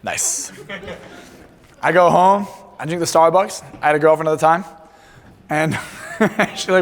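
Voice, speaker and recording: A man's voice: fairly high pitch, steady tone, unhurried, pauses often, a bit bright. A man speaking as a seminar presenter, telling a brash, profane comic story to a live crowd. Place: large seminar hall. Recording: echoey seminar hall.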